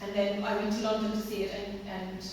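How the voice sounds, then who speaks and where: A woman's voice: medium pitch, little pitch movement, fast, a little mellow. A young Irish woman, a singer and stage actress, chatting casually as a podcast guest and acting out little quotes as she talks. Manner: chatty, full of "like" and acted-out quotes. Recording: echoey hall, distant mic, faint noise.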